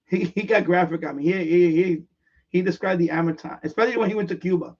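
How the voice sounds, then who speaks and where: This live-stream host has a high, slightly mellow voice and talks quickly. In casual chat, he tells a story that rambles, repeats itself, and keeps restarting, recorded from far off with a dull, lo-fi quality.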